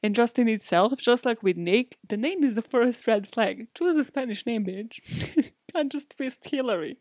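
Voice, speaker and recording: A woman's voice: fairly high pitch, expressive, normal speed, a little mellow, dry recording, studio quality. A woman hosting a podcast, telling a true-crime story in a casual, profane, chatty way with sarcastic asides. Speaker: podcast host.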